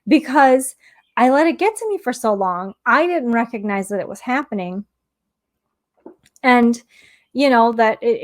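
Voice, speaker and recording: A woman who teaches mindfulness, talking candidly in a casual self-help monologue and sharing personal stories. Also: fairly high pitch.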